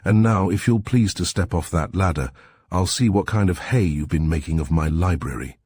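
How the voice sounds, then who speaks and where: A man's voice: low-pitched, normal speed, darkish tone, husky, no echo, studio quality. A man reading the part of an irascible old general who snaps and barks his words. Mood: gruff. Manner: snappish, barking.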